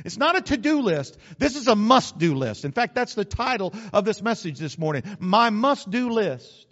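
Male pastor, high-pitched, chatty folksy sermon delivery, slightly dull recording. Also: very animated, normal speed, hardly any pauses, a bit bright. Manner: folksy, conversational preaching with acted asides.

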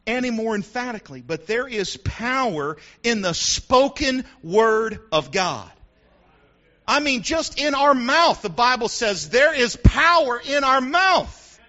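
A man preaching a sermon to his congregation, animated and preacherly, acting out the voices he quotes. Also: extremely high pitch, dull audio. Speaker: pastor. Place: church sanctuary with congregation.

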